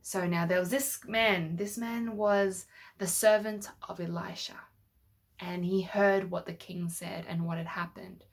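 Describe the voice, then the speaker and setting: With a lowish, steady voice and a touch of vocal fry, a woman tells children a Bible story using toy figures. She speaks at a measured pace, patiently pausing to ask them questions along the way.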